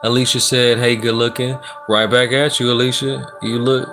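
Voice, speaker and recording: A man's voice: medium pitch, level tone, normal speed, over music. A man hosting a casual livestream, reading viewers' comments aloud in a laid-back, joking, slangy way. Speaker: livestream host doing personal readings.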